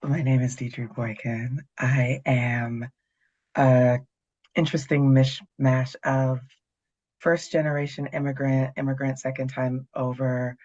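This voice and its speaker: A woman's voice: very deep voice, flat delivery, slow pace, darkish tone, muffled recording. A middle-aged woman from Canada, speaking as a guest in a casual conversation, candid and dryly funny. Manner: candid, dry humor.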